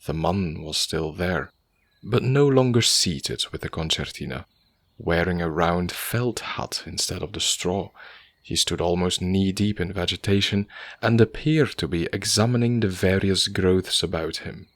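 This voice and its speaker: A man narrating a classic story in a measured, steady audiobook reading. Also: low voice, dry recording.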